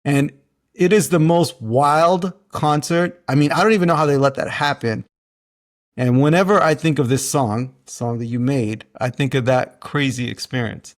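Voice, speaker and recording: A man's voice: medium pitch, normal speed. A man from Canada hosting a casual interview, telling his own stories with enthusiasm. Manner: enthusiastic storytelling. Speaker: podcast host.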